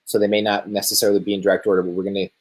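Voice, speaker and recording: A man hosting and moderating a live Q&A, casual and halting with many fillers. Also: fairly low pitch, level tone, rough recording. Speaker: host and moderator.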